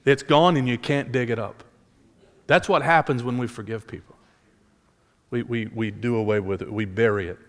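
A man's voice: mid-range voice, moderate pace, long pauses, fairly bright tone. Preaching man in a reverberant hall. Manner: earnest preaching with rhetorical questions and restarts. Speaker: pastor. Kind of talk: sermon.

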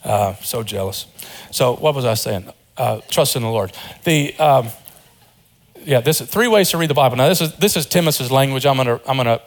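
A pastor preaches a sermon earnestly, his voice rising to high, emphatic peaks and dropping low and quiet, with informal joking asides.

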